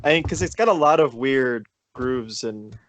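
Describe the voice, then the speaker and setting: A young man from Maryland, co-hosting a casual podcast chat and teasing his friends with deadpan jabs. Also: mid-range voice, moderate pace, a little hiss or hum. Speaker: podcast co-host.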